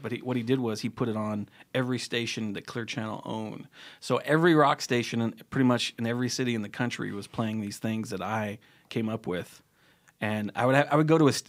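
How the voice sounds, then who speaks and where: A man with a Cincinnati accent, a comedian co-hosting a podcast, telling rambling anecdotes with quick restarts. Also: medium pitch. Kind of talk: casual storytelling chat. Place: podcast studio. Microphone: studio mic.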